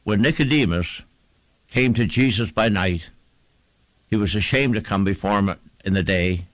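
A man's voice: fairly low pitch, normal speed, a bit bright, no echo, rough recording. A man preaching a sermon, fervent and emphatic, building repeated phrases to a climax.

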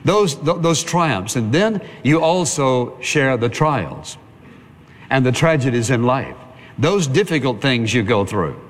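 A pastor preaching a sermon in a plain-spoken, conversational way, piling up repeated phrases for emphasis. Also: male voice, medium pitch, big pitch swings, slow, long reverb tail.

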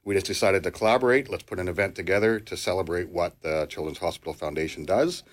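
A man as a guest on a radio show, explaining an event in a relaxed way with some filler pauses. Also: sits low. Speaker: guest, real estate agent. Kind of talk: casual radio interview.

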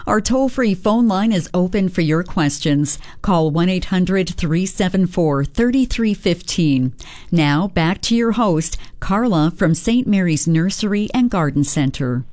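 A woman's voice: fairly low pitch, expressive, unhurried, darkish tone, dry recording. A woman giving a formal scripted station announcement for a radio show.

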